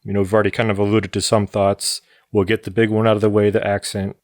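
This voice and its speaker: Low-voiced man reading a plot summary. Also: no room sound, studio quality. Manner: steady, measured plot narration. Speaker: podcast co-host. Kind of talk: reading a plot summary, then casual chat.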